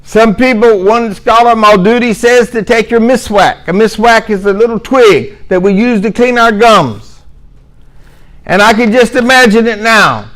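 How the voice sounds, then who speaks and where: A middle-aged man delivers a religious lecture in a fairly high voice. He repeats key points for emphasis and slips in dry, sarcastic asides. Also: a little slow, a bit bright, low-quality recording. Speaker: Muslim speaker giving a talk.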